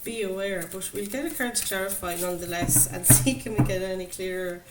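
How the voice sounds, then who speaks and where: A woman with a medium-pitched voice does a tarot reading a little fast. She's enthusiastic and chatty with her viewers, laughing a lot, and faint background noise sits under the audio.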